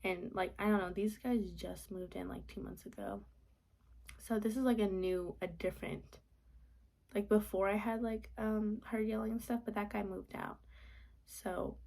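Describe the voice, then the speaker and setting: A woman's voice: medium pitch, creaky, darkish tone. A young woman venting casually in a late-night vlog from her apartment, rambling with lots of "like" and sometimes dropping to a whisper. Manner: rambling, frequent "like", drops to whispers. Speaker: vlogger.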